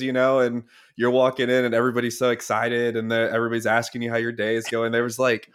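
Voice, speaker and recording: A man co-hosting a casual podcast about device sales, relaxed and agreeable, adding quick asides to his friend's stories. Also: medium pitch, clear, resonant tone.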